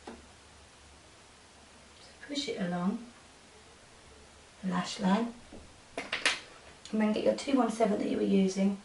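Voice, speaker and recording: A woman talks through a makeup tutorial, her voice a bit gravelly and soft as she coaxes her model. She sounds set back from the mic in a roomy space. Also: medium pitch, measured pace, pauses often, a little hiss or hum. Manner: soft-spoken, coaxing instructions to a model. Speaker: makeup artist. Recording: roomy, from a distance.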